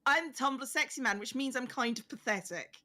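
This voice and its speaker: A woman's voice: sits high, moderate pace, pushed and bright. A woman co-streaming, teasing and laughing often in casual chat.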